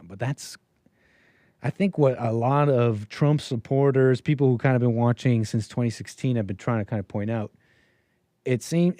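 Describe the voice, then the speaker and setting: Hosting a casual call-in livestream, a man from the United States rambles through stories in a monologue, often restarting sentences and wandering into asides. His voice is warm and medium-pitched, with no echo.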